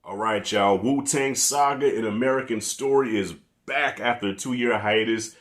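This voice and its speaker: A man giving a blunt, profane, animated review of a TV series in a casual rant. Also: fairly low pitch, moderate pace, faint music behind. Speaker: TV show reviewer.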